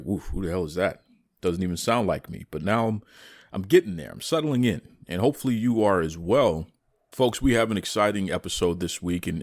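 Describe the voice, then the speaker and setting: Low-voiced chatty male podcast host. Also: no echo, studio quality. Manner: folksy, chatty, repeats words. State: tired morning voice. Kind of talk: casual podcast talk.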